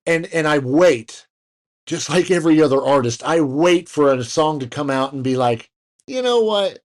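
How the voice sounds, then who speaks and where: A man's voice: a little high, moderate pace. A man co-hosting a casual podcast, rambling through news with fillers, restarts and jokey asides. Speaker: podcast co-host. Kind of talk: casual chat.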